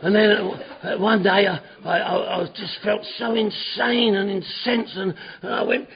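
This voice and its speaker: A middle-aged man giving an animated personal talk at a recovery meeting, acting out his old self in his stories. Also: sits high, normal speed, creaky, hardly any pauses, a faint crowd. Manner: animated storytelling, acts out his own past shouting. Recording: dull lo-fi recording.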